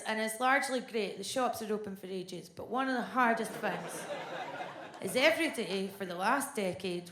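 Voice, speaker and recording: A woman in her thirties with a Scottish accent, performing a stand-up comedy set with a blunt, deadpan delivery on a theatre stage. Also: mid-range voice. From Scotland. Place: large theatre stage before a live audience. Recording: echoey live venue with audience laughter.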